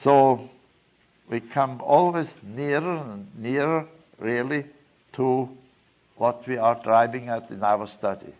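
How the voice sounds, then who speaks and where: A man giving a lecture in a slow, deliberate way, pausing often with fillers. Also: mid-range voice. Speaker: teacher of a study course. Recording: dull lo-fi recording.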